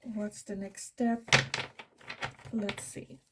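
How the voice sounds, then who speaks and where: Heavy background noise surrounds a woman's mid-range, fairly flat voice as she speaks very slowly. She's a Dutch-accented tarot reader from the Netherlands giving a pick-a-card reading. She thinks aloud, corrects herself as she goes, and uses soft fillers.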